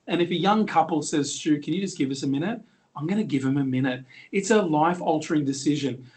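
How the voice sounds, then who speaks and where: Man, middle-aged, auctioneer, confident, joking, slightly high pitch. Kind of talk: storytelling in an interview.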